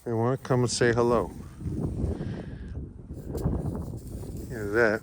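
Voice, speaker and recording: A middle-aged man, a farm church minister, chatting casually on a windy farm and cooing at his animals in high baby talk. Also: little pitch movement, slow, long pauses.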